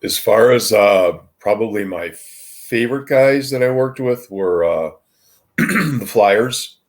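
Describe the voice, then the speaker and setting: An older man with a deep, low-pitched voice tells stories from his past in a casual, meandering way. He often stops and restarts his sentences and pads them with ums as he recalls details. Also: animated, slow. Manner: rambling with frequent ums and restarts. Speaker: retired wrestler, podcast guest. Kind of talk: casual anecdotal storytelling.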